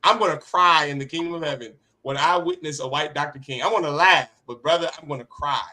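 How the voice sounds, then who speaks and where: A man teaching a class as an impassioned preacher, with rhetorical questions and sharp swings in loudness. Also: a little high, a little fast. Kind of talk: street-preacher sermon.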